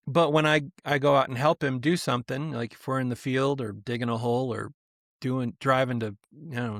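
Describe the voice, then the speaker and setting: A middle-aged man co-hosting a podcast, telling stories in a casual, animated way and slipping into the voices of the people he quotes. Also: mid-range voice, no room sound, clean studio sound. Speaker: podcast co-host. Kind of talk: casual chat.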